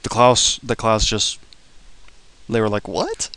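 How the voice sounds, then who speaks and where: A man's voice: on the low side, unhurried, clear, resonant tone, poor audio. A young man casually telling a personal story to the camera, blunt and profane. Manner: blunt, profane, lively retelling. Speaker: vlogger.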